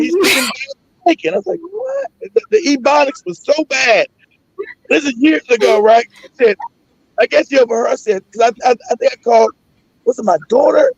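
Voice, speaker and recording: A man's voice: very high voice, dry recording. A middle-aged man hosting a casual talk show, ranting emphatically with plenty of profanity and repetition. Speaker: host. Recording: dull lo-fi sound.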